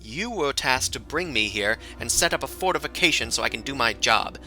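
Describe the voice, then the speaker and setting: A man's voice: medium pitch, lively intonation, a little fast, sharp tone, soft background music, voice pushed up. A man voicing a haughty male elf wizard who is arrogant, scornful and pompous. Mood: indignant.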